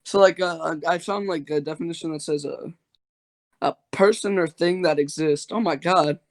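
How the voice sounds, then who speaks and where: A man's voice: fairly high pitch, moderate pace. A man debating over a voice call, rambling and filling his talk with "like". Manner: rambling, heavy on filler words. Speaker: debater and channel host. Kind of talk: casual online debate.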